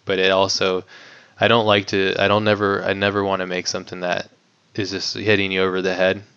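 A man's voice: low-pitched, completely flat delivery, a little fast, a bit bright, clean tone. A man talking as a guest filmmaker in a casual interview, rambling with lots of "like" and the odd swear word. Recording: dull lo-fi audio.

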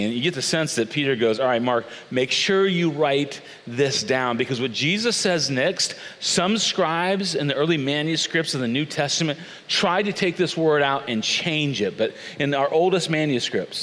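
A man preaching a sermon, animated and acting out the people he quotes. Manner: animated, acts out quoted voices with big pitch swings. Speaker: pastor. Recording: long hall reverb.

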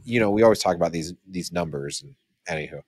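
A man with a fairly low voice co-hosts a casual podcast. He rambles through figures, restarts and corrects himself as he goes. The sound is dry and close, with no room around it. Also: fast talker, darkish tone, husky, dry recording. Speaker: podcast co-host. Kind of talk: casual chat.

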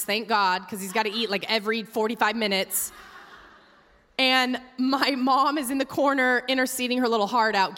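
A woman's voice: fairly high pitch, bright, forceful tone. A young woman pastor preaching a sermon in a chatty, humorous storytelling way, full of fillers, in a large church hall. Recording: long hall reverb.

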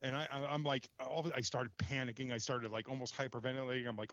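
A man telling an embarrassing story in casual chat, animated and exasperated, swearing casually. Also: mid-range voice, fast, no echo, highs cut off.

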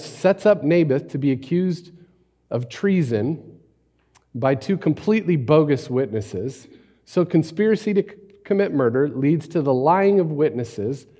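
A man preaching a sermon, telling the story conversationally with animated rhetorical asides. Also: fairly high pitch, in a large hall. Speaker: pastor.

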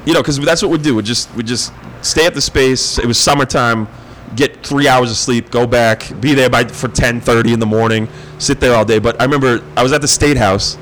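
A man's voice: mid-range voice, brisk, slight background noise, poor audio. A young man, swapping stories in casual, profane chat. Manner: profane, animated storyteller.

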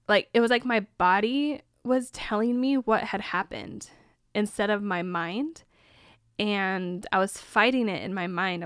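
A woman's voice: mid-range voice, clear, resonant tone, dry recording, clean studio sound. A young woman hosting a podcast, telling a personal story in a candid, casual way with lots of "like". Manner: casual, candid, says "like" often. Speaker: podcast host.

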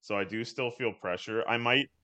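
A man's voice: medium pitch, normal speed, sharp tone. A man chatting casually on a podcast, thinking aloud with many hesitations. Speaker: podcast co-host.

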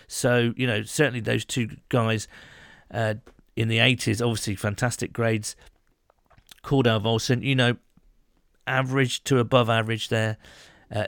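A man's voice: mid-range voice, vocal fry, a bit bright, dry recording, clean studio sound. A man co-hosting a casual sports podcast, rambling with lots of fillers and restarts. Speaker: podcast co-host.

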